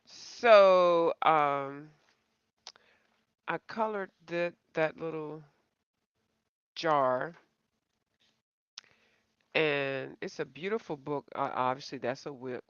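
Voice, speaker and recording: A coloring channel host rambles through a casual live-stream, calling viewers y'all and joking at her own expense. Her low, smooth voice draws out words and pauses often. The home recording is dry and slightly dull.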